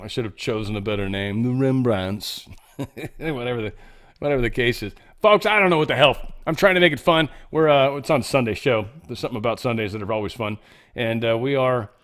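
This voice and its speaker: A man hosting an online show, commenting on the news in a chatty way with joking asides and frequent fillers. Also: medium pitch. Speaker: show host.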